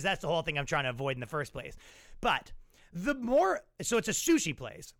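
Bright, dry-voiced man riffing casually. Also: fairly high pitch, fast, clean tone, no room sound. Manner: rambling, animated storytelling with mocking impressions. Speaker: podcast host. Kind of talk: casual comedic monologue. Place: New York.

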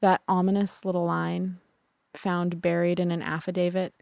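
A woman narrating a true crime podcast in a somber, measured way. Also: fairly low pitch, level tone, vocal fry, a little mellow, dry recording.

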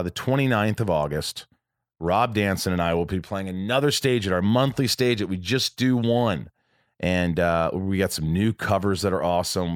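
A man's voice: sits low, dry recording, clean studio sound. An American man hosting a podcast from a room at his home, talking casually and rambling with lots of fillers and restarts. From United States. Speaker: podcast host.

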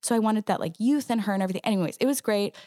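A woman stage actress chatting as an interview guest, telling stories in an animated way with quick restarts. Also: mid-range voice, no room sound, clean studio sound. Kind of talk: casual interview chat.

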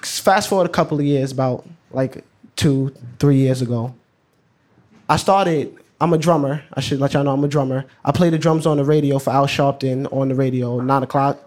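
With a mid-range, somewhat mellow voice, fairly even intonation, and moderate pace, a New York teen recounts a personal story live. This student storyteller keeps things casual and slangy, chatting and laughing at his own story.

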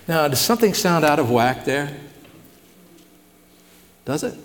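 A man's voice: a little high, very animated, a little slow, pauses often. A man preaching a conversational Bible-teaching sermon, tossing questions to his congregation in a folksy way. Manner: folksy, asks the audience questions. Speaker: pastor. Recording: long hall reverb.

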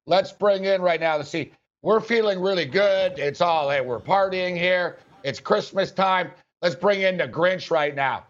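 A man hosting a sports betting show, talking loudly and laughing as he jumps in over his co-hosts. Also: high-pitched, measured pace, hardly any pauses, dull audio. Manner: loud, laughing, talks over others. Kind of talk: casual sports betting chat.

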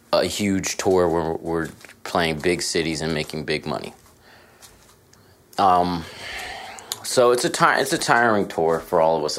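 Deep-voiced man rambling casually. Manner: rambling, self-deprecating, profane. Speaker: podcast host. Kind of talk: casual monologue. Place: hotel room.

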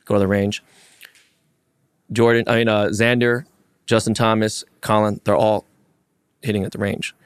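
A man co-hosting a golf podcast, telling animated stories and acting out the lines of the people in them. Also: fairly low pitch, moderate pace, pauses often, clean tone, no echo, studio quality. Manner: animated storyteller acting out quotes. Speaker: podcast co-host. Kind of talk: casual storytelling. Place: golf course.

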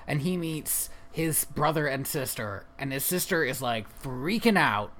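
A man's voice: medium pitch, animated, a little slow, a bit bright, a little hiss or hum. Male podcast co-host, mid-range voice, wry and casual, easy laugh. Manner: wry, laughs at his own jokes, fillers. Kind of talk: casual movie recap chat.

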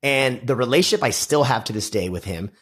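Husky-voiced man telling animated stories. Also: mid-range voice, fairly quick. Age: middle-aged. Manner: animated storyteller, acts out quoted dialogue. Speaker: guest, house flipper. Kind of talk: casual podcast interview.

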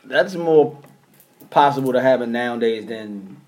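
Male podcast co-host, halting, searches for words, middle pitch. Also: a little mellow. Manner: hesitant, restarts, searches for words. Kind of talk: casual chat.

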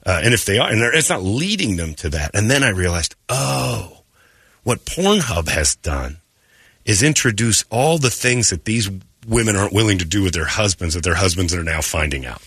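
A man's voice: lowish voice, sing-song, normal speed, fairly bright tone, husky, dry recording. A man hosting a morning radio show, telling stories in crude, joking, casual talk on a studio microphone.

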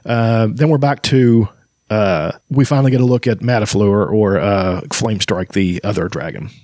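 A man's voice: lowish voice, moderate pace, a little mellow, no room sound, studio quality. A man reading aloud from a fantasy novel and chatting about it in between, hesitant and full of restarts. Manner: hesitant, many fillers and restarts. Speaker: book reader and commentator. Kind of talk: casual reading with commentary.

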